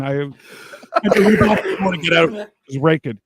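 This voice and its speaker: A man in casual podcast banter, telling animated stories and acting out the dialogue. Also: fairly high pitch, fast talker, over a noisy crowd. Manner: animated storytelling, acts out dialogue. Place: small studio.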